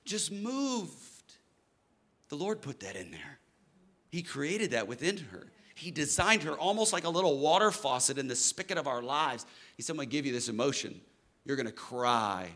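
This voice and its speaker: A middle-aged male pastor delivers a sermon in a church. His voice is bright and a little high, and his delivery swings from hushed, slowed lines to loud, fervent ones. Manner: animated preaching, swings from soft to loud.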